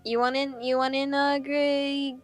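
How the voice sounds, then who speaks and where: A woman's voice: high-pitched, flat delivery, a little slow, soft background music. A woman playing a tabletop game, joking in brash, swearing banter. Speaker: player. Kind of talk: casual tabletop play.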